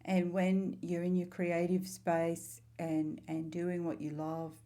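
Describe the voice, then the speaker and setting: A middle-aged woman talking casually to camera as a spiritual vlogger, telling stories in a heartfelt, rambling way with warm asides. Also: lowish voice, completely flat delivery, slow pace.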